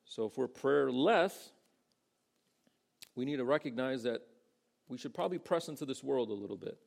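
A man's voice: medium pitch, expressive, normal speed, vocal fry, a little mellow. A man preaching a sermon in a casual, conversational way, acting out the people he quotes. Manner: conversational, acts out quoted voices. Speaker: pastor.

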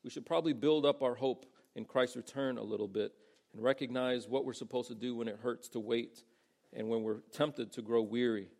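Male pastor, gravelly voice, easygoing sermon delivery with quoted voices. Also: mid-range voice, fairly even intonation, a little fast, darkish tone. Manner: conversational, acts out quoted voices.

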